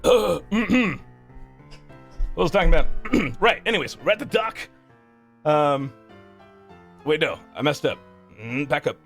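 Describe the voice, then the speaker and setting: A man with a high voice recaps a game's plot in a rambling, profane way, restarting sentences as he goes. Faint guitar music sits quietly behind him. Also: very animated, a little slow, pauses often. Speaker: streamer. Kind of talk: casual game story recap.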